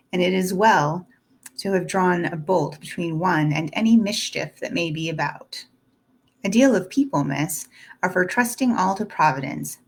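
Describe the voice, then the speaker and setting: A woman voicing a cool, composed middle-aged female servant who speaks in a measured, prim way. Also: lowish voice, slightly rough.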